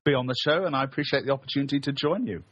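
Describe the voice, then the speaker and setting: A man's voice: medium pitch, rapid-fire, a bit bright, slightly rough, highs cut off. British man in his forties, chatty. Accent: British English. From England. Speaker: guest co-host. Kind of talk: casual podcast chat. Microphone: computer mic on a video call.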